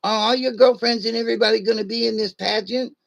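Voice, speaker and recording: An older man in his sixties putting on the high, nasal voice of a goofy, awkward nerd. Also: steady tone, fast, gravelly, a bit bright, full character voice. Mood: chirpy. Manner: high, sing-song, overly friendly. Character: goofy nerdy adult man, fussy and awkward.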